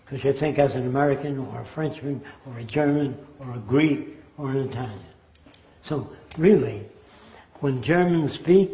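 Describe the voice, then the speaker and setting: A man's voice: a little high, warm tone. Older man lecturing with rhetorical questions. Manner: emphatic, rhetorical questions, mimics accents. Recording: dull, roomy recording.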